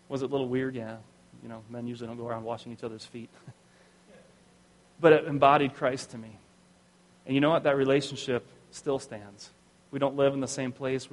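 A middle-aged male pastor preaching a sermon, telling a personal story in a conversational way and often dropping to soft, low tones. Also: in a large hall.

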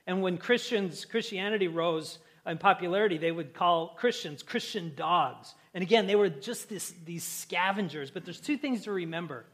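High-pitched guy pastor giving a sermon, chatty, cracks jokes w the crowd. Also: lively intonation, normal speed, hardly any pauses, fairly bright tone. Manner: conversational, joking with the congregation.

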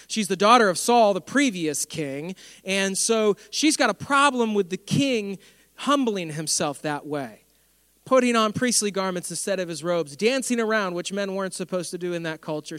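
A man preaching a sermon, telling stories with lively humor. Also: high voice, clean tone, no room sound, studio quality, long reverb tail. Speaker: pastor.

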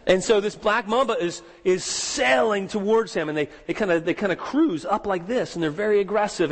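A man preaching a sermon, telling a story with rising dramatic emphasis and slowing down on key words. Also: high voice, in a large hall. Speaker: pastor.

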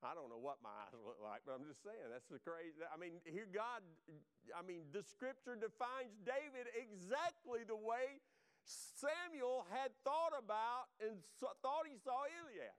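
Animated, resonant-voiced male preacher. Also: unhurried, clean tone. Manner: animated preaching with wide swings in pitch and loudness, addresses the congregation. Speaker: pastor. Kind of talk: sermon.

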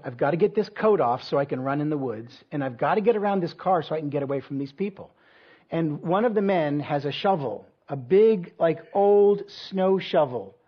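A pastor preaching in a loose, chatty way, filling his story with ums and self-deprecating asides. His voice is husky and a little higher than most men's. The recording sounds dull and lo-fi. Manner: conversational, self-deprecating storytelling with many fillers. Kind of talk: sermon with personal story.

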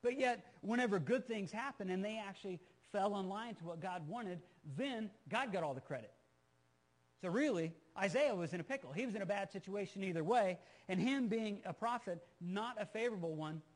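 High-voiced earnest male preacher. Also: expressive, brisk. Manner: earnest, emphatic, repeats phrases when stressing a point; conversational asides to the listeners. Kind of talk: sermon, Bible teaching.

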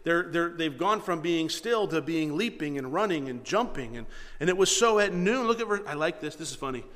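A man preaching a sermon, reading scripture and swinging between quiet reading and loud, mocking asides. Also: on the high side, expressive, a little fast, long reverb tail. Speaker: pastor.

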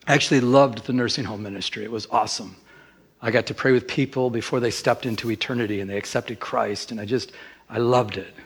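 A middle-aged man, a pastor, preaching a sermon with lively emphasis that rises in pitch.

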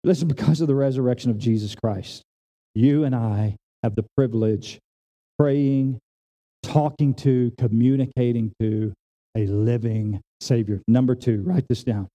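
At a church service, a pastor preaches a sermon in plain language full of everyday examples. His tone stays steady and his pace is a little slow as he moves between raised, emphatic lines and low, hushed ones.

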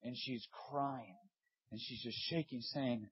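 A man in his thirties preaching a sermon, impassioned, swinging between loud urging and hushed, earnest stretches. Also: mid-range voice, fairly even intonation, unhurried, breathy edge, lo-fi sound. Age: 30s.

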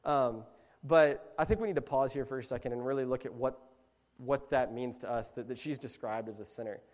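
A man giving a conversational sermon as a lay preacher, telling the story in a relaxed way and often correcting himself mid-sentence. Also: mid-range voice, fairly quick. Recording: long hall reverb.

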